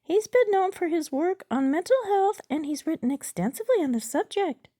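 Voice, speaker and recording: A woman in her sixties voicing an evasive AI chatbot in a bright, sing-song reading voice. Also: extremely high pitch, animated, moderate pace, pitched above the performer's own voice. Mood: chirpy.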